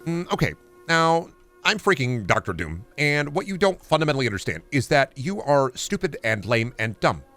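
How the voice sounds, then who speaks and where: A man's voice: medium pitch, big pitch swings, moderate pace, sharp tone, faint music behind, voice pushed up. A man doing an impression of a smug supervillain, drawling and hesitant with lots of mm and uh fillers. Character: smug rambling male supervillain, celebrity impression.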